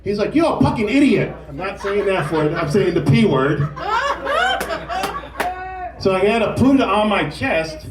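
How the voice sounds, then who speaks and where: Storytelling comedian in a roomy club. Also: male voice, high voice, measured pace, pauses often, distant mic. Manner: storytelling, acts out shouting drill instructors. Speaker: stand-up comedian. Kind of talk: stand-up set at an open mic. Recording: roomy club sound from off mic with loud crowd laughter. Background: audience laughing.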